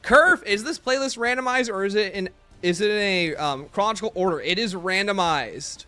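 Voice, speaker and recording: A man's voice: high-pitched, fairly quick, pushed and bright, no echo. A man streaming a game live, chatting casually with his chat in a joking, self-mocking way. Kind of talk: live gameplay commentary, reading chat. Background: faint game music playlist.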